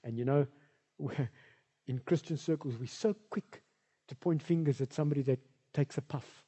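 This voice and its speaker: Husky male preacher. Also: a little high, normal speed, mellow, big-room sound. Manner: conversational, rambling, with asides and filler. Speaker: pastor. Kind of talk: sermon.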